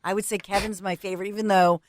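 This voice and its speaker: A woman's voice: medium pitch, little pitch movement, fast, no room sound. A woman co-hosting a talk radio show, chatting in a friendly way and telling short stories. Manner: friendly, storytelling, laughs often. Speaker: radio co-host. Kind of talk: casual talk radio banter. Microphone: studio microphone.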